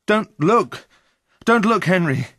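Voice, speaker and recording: A man's voice: steady tone, moderate pace, husky, no room sound, clean studio sound, lightly acted. A man reading a story and voicing a frightened young scientist who cries out in panic. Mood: panicked. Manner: cries out in high-pitched panic.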